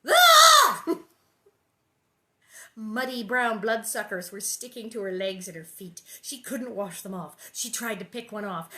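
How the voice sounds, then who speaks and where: Animated woman reading a storybook aloud. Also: on the high side. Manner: chatty, animated and amused. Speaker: host reading a children's book aloud. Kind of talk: read-aloud storytelling with casual asides.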